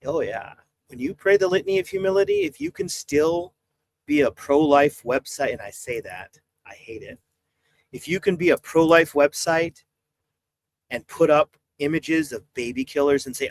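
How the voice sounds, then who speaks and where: A man's voice: a little high, sing-song, normal speed, gravelly. A man in his forties, a priest talking on a live stream, exasperated and preachy as he urges his viewers. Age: 40s. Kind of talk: impassioned live-stream talk.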